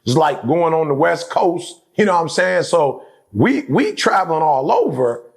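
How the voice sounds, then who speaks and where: A man's voice: on the high side, sing-song, normal speed, gravelly. A middle-aged man speaking emphatically as a guest in a casual conversation. He repeats his points and keeps checking in with his listener. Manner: emphatic, repeats phrases, keeps asking "you know what I'm saying".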